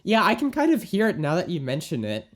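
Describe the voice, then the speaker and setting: Low-voiced woman checking details. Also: huge pitch swings, quick pace. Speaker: podcast guest musician. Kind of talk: casual chat.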